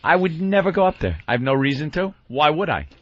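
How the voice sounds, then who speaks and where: Radio cohost guy, kinda high voice, jokey and swearing, muffled broadcast. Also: very animated, quick pace, no room sound. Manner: joking, profane. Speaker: radio co-host. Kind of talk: casual radio banter.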